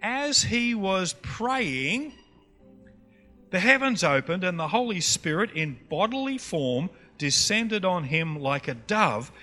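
A man's voice: high voice, expressive, slow pace, bright, forceful tone. A man with a North Queensland Australian accent, preaching a teaching session and quizzing the audience with questions. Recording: long hall reverb, faint music.

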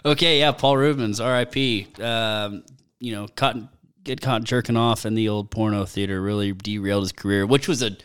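A man's voice: lowish voice, steady tone, normal speed, fairly bright tone, smooth, no room sound. A man co-hosting a casual chat show, teasing and sarcastic. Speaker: podcast co-host.

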